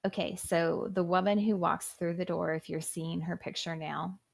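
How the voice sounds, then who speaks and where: Woman game master, low gravelly voice, dry close mic, descriptive tabletop narration. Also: steady tone, normal speed. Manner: descriptive, with frequent "um"s.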